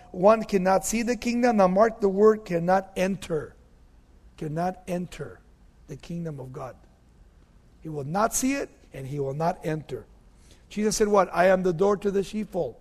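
A man preaching a sermon, emphatic, repeating key phrases and dropping to low, quiet tones. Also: in a large hall.

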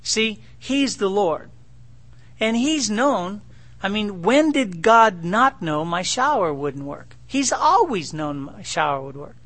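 A man's voice: sits high, animated, slow, fairly bright tone. A middle-aged man preaching a sermon in a conversational, joking way, acting out his own dialogue with God. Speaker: pastor.

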